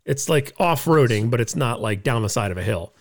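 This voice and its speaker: A man in his thirties co-hosting a podcast, chatting in a relaxed, rambling way. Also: mid-range voice, a little fast. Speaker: podcast co-host. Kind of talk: casual chat.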